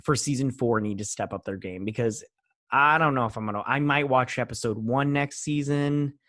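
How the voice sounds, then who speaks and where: A man's voice: medium pitch, normal speed, a bit bright, no room sound, studio quality. A man giving a casual, rambling spoken review of a TV episode, frustrated and full of fillers. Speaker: TV review vlogger.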